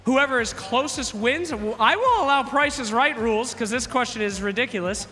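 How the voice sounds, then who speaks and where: A man with a very high, piercingly bright voice hosts a quiz on a live arena stage. He is loud and playful, teasing the contestants and shouting out to the crowd. The sound carries the long echo of a large hall. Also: animated, moderate pace. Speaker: quiz host at a live esports event. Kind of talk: energetic stage hosting to a crowd. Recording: echoey arena hall with music.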